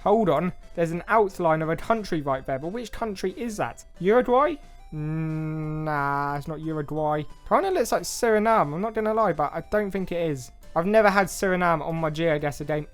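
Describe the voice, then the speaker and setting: A man's voice: on the high side, normal speed, hardly any pauses, faint music behind. A young man with an English accent giving casual, self-mocking game commentary, thinking aloud and second-guessing himself as he plays. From England. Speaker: gaming YouTuber.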